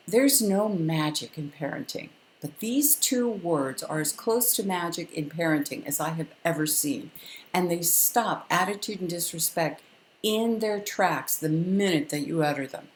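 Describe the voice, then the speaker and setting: A calm older woman teaches parents in a firm, instructive way, spacing her points with deliberate pauses. Her voice sits a little low, and the room around her sounds echoey. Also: slight background noise. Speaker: parenting educator. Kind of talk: direct-to-camera parenting lesson.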